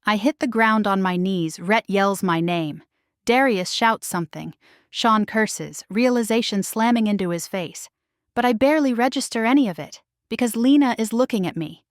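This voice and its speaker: A woman reading a first-person paranormal romance story aloud, hushed and emotional. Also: mid-range voice, normal speed, no echo, clean studio sound. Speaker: narrator.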